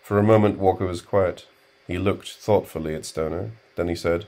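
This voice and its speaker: Deep-voiced male audiobook narrator. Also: fairly even intonation, moderate pace, mellow. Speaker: audiobook reader.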